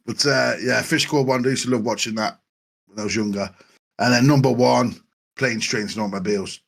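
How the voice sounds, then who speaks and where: A man's voice: mid-range voice, brisk, vocal fry, fairly bright tone. A man in casual chat, swearing freely and acting out quotes from films he loves. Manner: swears freely, acts out film quotes and laughs. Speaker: podcast panelist.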